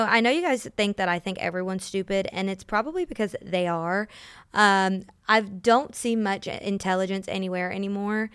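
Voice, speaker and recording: Young female podcast host, casual and opinionated, smooth voice, dry room. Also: mid-range voice, fairly bright tone, dry recording. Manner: blunt, opinionated, many ums. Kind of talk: casual sports opinion rant.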